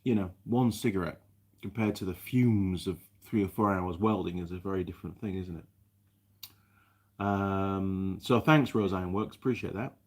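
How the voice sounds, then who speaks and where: A man's voice: deep voice, a little slow. A man hosting a casual live chat from his workshop, chatting and rambling with many restarts as he reads viewer comments. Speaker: live stream host, mechanic.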